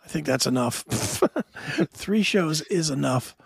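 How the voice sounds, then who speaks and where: A male podcast host chatting casually, hoarse and joking, with a profane, laughing manner. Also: fairly high pitch, lively intonation, slow pace, no room sound. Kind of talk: casual chat.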